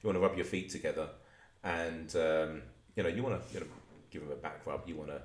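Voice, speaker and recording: A man's voice: very deep voice, fast talker, roomy sound. A man co-hosting a casual podcast, rambling and stumbling through a long story. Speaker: podcast co-host.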